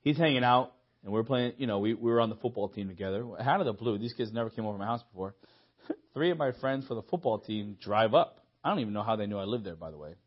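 A young man preaching a sermon, telling stories with lively acted-out dialogue and frequent laughter. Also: fairly low pitch, fast talker, highs cut off. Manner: lively storytelling, acts out dialogue, laughs often. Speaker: pastor. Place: church hall.

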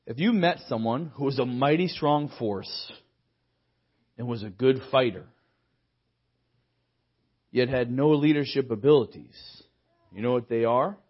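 Young male pastor, storytelling sermon style, husky tone, muffled church recording. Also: medium pitch, measured pace, pauses often. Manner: lively storytelling, acts out dialogue, laughs often. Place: church hall.

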